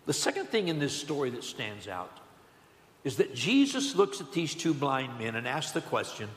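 A man preaching a sermon in a church, building to loud emphatic calls and dropping to soft low asides. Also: animated, moderate pace, roomy sound, in a large hall. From Southern California. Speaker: pastor. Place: church building on a Sunday morning.

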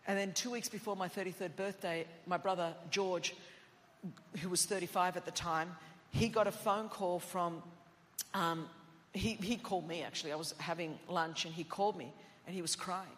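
An Australian woman preacher telling a personal story in a sermon, animated and self-mocking, acting out what people said. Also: lowish voice, moderate pace, big-room sound.

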